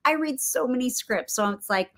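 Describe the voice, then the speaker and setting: Bright-voiced chatty woman guest. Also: high-pitched, animated, normal speed. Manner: chatty, laughs often, many fillers and restarts. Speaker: guest actress and producer. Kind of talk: casual interview chat.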